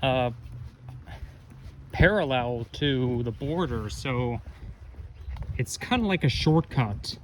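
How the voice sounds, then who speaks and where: A man vlogging as he walks city streets, chatty and rambling, correcting himself as he goes and a bit out of breath. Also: mid-range voice. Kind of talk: casual walking commentary. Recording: street noise behind outdoor walk. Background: traffic and street noise.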